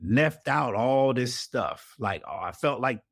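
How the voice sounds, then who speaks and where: Animated storyteller man, dry sound. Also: mid-range voice, slow pace, breathy edge, no room sound. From Atlanta, US South. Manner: animated storyteller acting out the people he quotes. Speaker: investigative reporter, guest. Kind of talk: storytelling in an interview.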